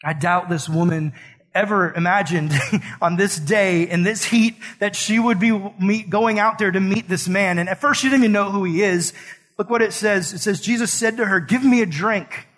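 A man's voice: sits high, steady tone, moderate pace, a bit bright. A man preaching a sermon in an earnest, conversational way, mixing scripture with casual slang. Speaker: pastor.

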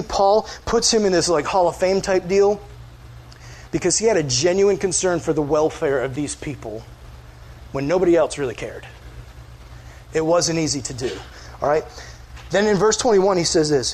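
A male pastor, preaching in an earnest, conversational way and acting out quoted voices. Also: sits high. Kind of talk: sermon.

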